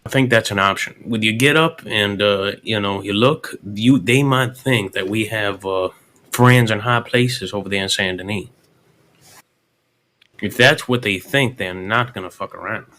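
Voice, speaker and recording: Western roleplayer, man, bright forceful voice, folksy and pushy. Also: on the low side, measured pace. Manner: folksy, profane, persuasive. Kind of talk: in-character roleplay chat.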